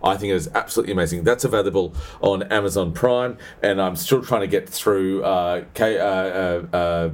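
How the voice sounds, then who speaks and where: A man's voice: deep voice, fairly quick, few pauses. A man co-hosting a podcast in casual chat, gushing and theatrical, with many hesitant fillers. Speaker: podcast co-host.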